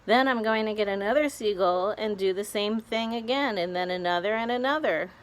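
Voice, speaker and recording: A woman reading aloud, voicing a clever young boy who explains his plan calmly and firmly. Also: medium pitch, brisk, close to an everyday voice. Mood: earnest. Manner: calm, firm explaining.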